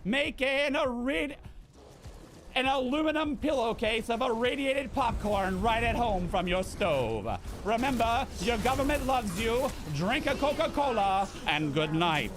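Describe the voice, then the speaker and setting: A man voicing an old-time male baseball radio announcer with a Mid-Atlantic broadcast delivery and booming, showy play-by-play. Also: animated, a little slow, noisy background. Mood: signing off. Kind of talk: comedic impression during a game stream.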